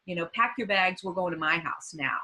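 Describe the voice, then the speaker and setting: Woman, 50s, podcast guest; bright, breathy voice, halting and heartfelt storytelling. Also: fairly low pitch, poor audio. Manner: halting, many fillers and restarts; earnest and emotional. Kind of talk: personal recovery story.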